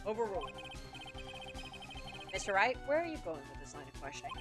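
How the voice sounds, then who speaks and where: A woman's voice: mid-range voice, big pitch swings, brisk, music in the background, natural voice. A woman reading a plain older male judge. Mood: stern.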